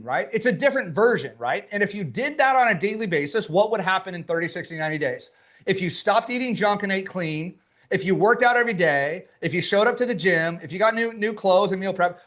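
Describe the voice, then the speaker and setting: A man's voice: fairly high pitch, fairly bright tone. A man giving a motivational workshop as a business coach, emphatic and punchy, repeating his key lines and talking straight to his audience. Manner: emphatic, punchy and repetitive, speaking to a live chat.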